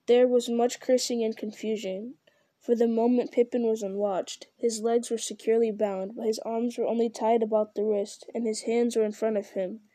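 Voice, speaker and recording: A woman reads a fantasy story aloud in a steady, measured manner. Her voice is a little high yet mellow. The recording is close and dry. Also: no echo. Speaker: audiobook reader. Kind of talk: storybook narration.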